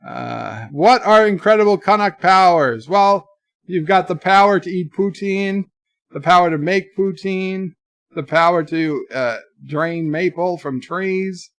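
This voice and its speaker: A man's voice: sits high, unhurried, dry recording, clean studio sound. A man hosting a casual livestream, rambling and joking while reading chat messages aloud. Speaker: livestream host.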